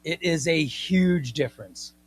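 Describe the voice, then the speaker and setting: A man's voice: a little high, measured pace. A man hosting a casual comics livestream, talking emphatically, repeating his points and reading viewer comments aloud.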